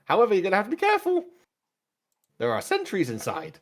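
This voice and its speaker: A man's voice: high voice, huge pitch swings, fast, voice pushed up, exaggerated voice. A man voicing a small, eager robot droid that talks in stiff, formal phrases to its new master. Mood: earnest. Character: eager little male robot droid, servile and earnest.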